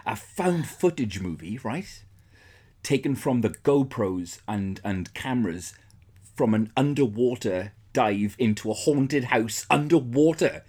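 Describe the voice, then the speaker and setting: A man's voice: mid-range voice, lively intonation, unhurried, darkish tone, breathy edge. A man co-hosting a podcast, giving blunt, swear-filled, scathing movie verdicts in casual chat. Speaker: podcast co-host.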